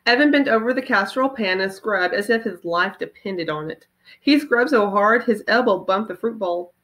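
A woman reading a children's chapter book aloud to her class, as a teacher. Her storytelling is expressive, and she leans into each line of the tale. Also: medium pitch, normal speed.

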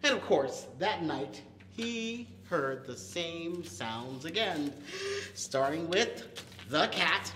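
A man's voice: fairly high pitch, lively intonation, slow pace, echoey room, background noise. A man leading a toddler storytime, telling a story with playful animal and vehicle noises. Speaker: children's librarian. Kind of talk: toddler storytime with sound effects.

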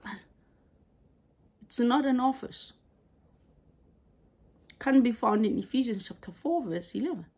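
A woman preaching a sermon, halting and repeating words as she goes. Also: a little high, lively intonation, a little mellow, slightly rough.

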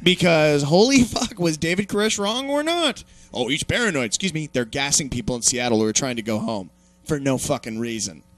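A man's voice: a little high, a little fast, no room sound. Young male host, raised voice, profane mocking political rant. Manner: swearing, mocking, animated ranting. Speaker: podcast host.

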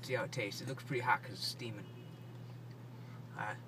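A man's voice: mid-range voice, steady tone, a little fast, background noise. A man casually reviewing food on a vlog, hesitant and offhand, trailing off with fillers and sounding unimpressed.

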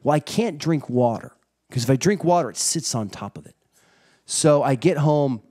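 A middle-aged man preaching a sermon, telling a story with animated energy and acting out family members. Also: a little high, normal speed. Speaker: pastor.

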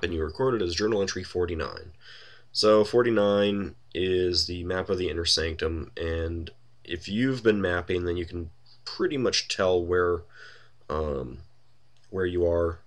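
A man's voice: low voice, a bit bright. A man giving wry, casual commentary while playing a computer role-playing game, thinking aloud with many fillers. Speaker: let's play host.

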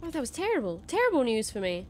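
A woman giving casual, excitable let's-play commentary, chattering to herself and to the creatures she meets. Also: on the high side, quick pace, slight background noise. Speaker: game streamer. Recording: game music under voice. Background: game music.

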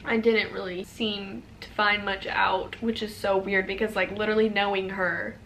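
A woman's voice: medium pitch, little pitch movement, normal speed, vocal fry, slight background noise. A woman in her twenties talking casually and emotionally in a vlog, rambling a little and saying "like" often. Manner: rambling, heavy use of "like", soft and emotional. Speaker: vlogger.

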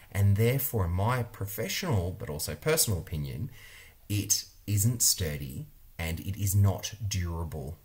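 A man's voice: sits low, darkish tone. A middle-aged man with an Australian accent, an interior designer giving blunt, emphatic opinions in a product review vlog. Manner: blunt, emphatic, repeats points for stress.

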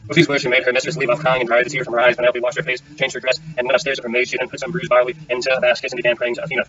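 A man narrating an old epic in a plain, middle-pitched voice. He races along with little rise and fall. The sound is dull, and the mic sits a little far off. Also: little pitch movement, very fast, bright, forceful tone. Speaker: audiobook reader. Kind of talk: scripted narration of a classic epic.

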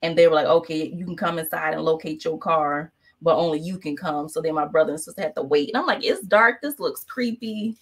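A woman's voice: low-pitched, quick pace. Chatty woman painting and telling stories. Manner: chatty, animated, acts out quoted voices. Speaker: painting instructor. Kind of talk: casual storytelling while painting.

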